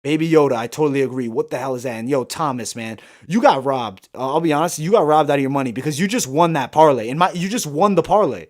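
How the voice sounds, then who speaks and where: A man hosts a live fight-night stream, reading and answering viewer comments while ranting heatedly and profanely about the judging. His voice is fairly high, animated, and fast with few pauses.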